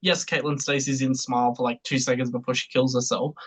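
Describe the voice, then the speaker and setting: A podcast co-host chatting casually, telling stories in an animated way, laughing often and speaking bluntly. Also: medium pitch, brisk, rough recording.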